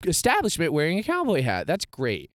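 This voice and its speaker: A man's voice: on the high side, wildly swooping pitch, fairly quick, fairly bright tone, no echo. A young man telling a story in casual chat, laughing and acting out the people he quotes. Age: young adult.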